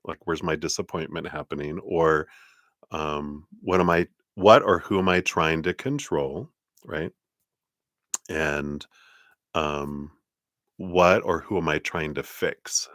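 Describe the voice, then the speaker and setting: A man's voice: very deep voice, slow, a bit bright, no room sound, studio quality. A man hosting a casual live tarot reading, chatty and reassuring, who laughs often.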